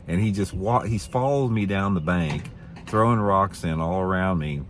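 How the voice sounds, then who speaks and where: Brief: deep-voiced man, casual rambling storyteller, faint hiss behind. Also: moderate pace. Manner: rambling, repeats himself, indignant. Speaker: fishing show host.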